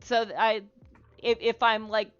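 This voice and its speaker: Talking loosely and rambling, a woman hosting a livestream hands out social advice, frank and casually profane, full of "like" and "um." Her fairly high voice is smooth with little pitch movement, and her pace is a little slow. The stream audio is slightly muffled, with faint background music.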